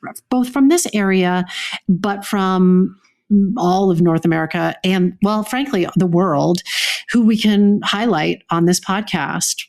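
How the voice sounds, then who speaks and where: A woman's voice: on the low side, a little slow, darkish tone. A woman co-hosting a podcast, talking in an earnest, reflective way and often restarting her sentences. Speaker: podcast co-host. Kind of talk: casual podcast conversation.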